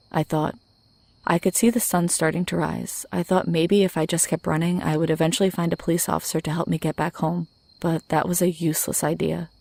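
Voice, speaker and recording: With a gravelly rasp and a low, flat tone, a woman narrates a horror story in a steady, scripted way. The recording is dry and close, carrying no echo.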